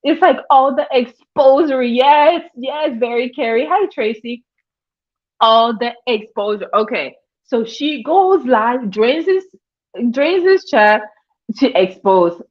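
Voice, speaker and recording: Female livestream host, casual chatty commentary, slightly high voice, dull lo-fi audio. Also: expressive, slow. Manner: chatty, greets chat viewers by name mid-story.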